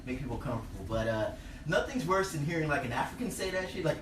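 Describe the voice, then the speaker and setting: A man doing a stand-up comedy set in a bar, telling stories and acting out the people in them with loud shouted voices. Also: mid-range voice, fast, noisy background. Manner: animated, acts out characters with loud shouted voices. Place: bar stage before a live audience. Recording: roomy, distant live club recording. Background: audience laughter.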